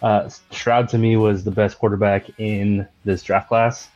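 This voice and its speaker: A man's voice: on the low side, little pitch movement, unhurried, darkish tone, dull audio, faint music behind. A man co-hosting a sports podcast, chatting loosely about football with lots of fillers like "like" and "you know". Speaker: podcast co-host. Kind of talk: casual chat.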